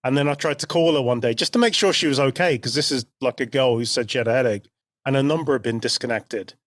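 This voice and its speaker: A man in his forties, co-hosting a podcast and telling a story in a relaxed, unhurried, chatty way. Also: mid-range voice. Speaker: podcast co-host. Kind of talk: casual chat.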